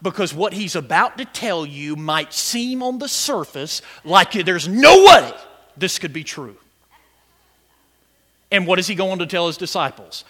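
A pastor preaches with a high, animated voice that swings widely in pitch. His tone is bright and ringing, and he climbs into shouts as he builds his points, stammering through restarts along the way. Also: a little slow. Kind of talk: sermon.

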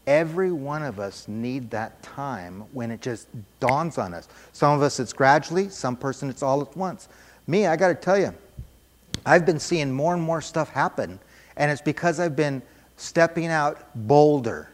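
A male preacher tells a story in a sermon, leaning on emphatic repetition. His voice sits on the higher side and trails off into a long hall reverb. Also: lively intonation, moderate pace.

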